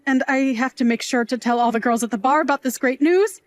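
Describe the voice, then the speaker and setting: A woman voicing a fond middle-aged aunt who works nights, sentimental and sassy in a scripted drama. Her voice sits high, and the sound is close and dry with no room around it. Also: fairly quick, dry recording, close to an everyday voice. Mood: joyful.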